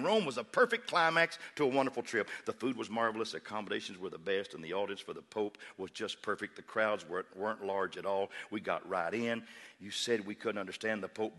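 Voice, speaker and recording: A man's voice: fairly low pitch, pushed and bright. A preacher voicing a cheerful male traveler who raves about his trip. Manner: enthusiastic, glowing.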